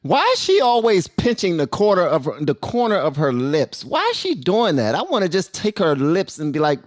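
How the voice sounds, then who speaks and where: Animated man hosting reaction commentary. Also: on the high side, moderate pace, hardly any pauses, no echo, studio quality. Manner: animated, playful, talks to the audience directly. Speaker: commentary channel host.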